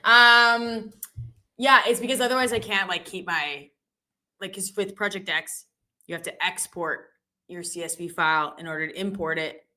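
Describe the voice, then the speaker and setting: A woman hosting a live trading stream, chatty and joking with quick asides. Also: medium pitch, bright, forceful tone. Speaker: live-stream host trader. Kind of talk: casual live-stream chat.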